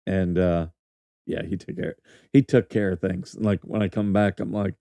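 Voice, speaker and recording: Mellow low-voiced man telling stories. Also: steady tone, moderate pace, gravelly, no room sound. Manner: rambling, profane, laughs through his stories. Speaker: podcast host, former military officer. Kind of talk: casual storytelling chat.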